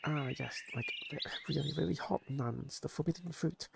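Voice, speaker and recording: Man, game streamer, gravelly voice, joking rambling asides, steady noise behind. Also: a little high, moderate pace. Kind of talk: casual game commentary.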